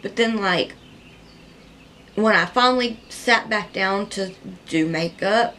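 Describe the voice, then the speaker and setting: A woman's voice: medium pitch, slow pace, pauses often, a little hiss or hum. Chatty woman rambling through makeup. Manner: rambling, chatty and heartfelt, with frequent "like" and soft laughs. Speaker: makeup vlogger. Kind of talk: casual makeup tutorial chat.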